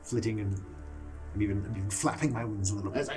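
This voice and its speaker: A man's voice: lowish voice, fast talker, darkish tone, faint music behind. A man playing a tabletop game, talking through plans with hesitant restarts and jokes. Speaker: player. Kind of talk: casual tabletop play.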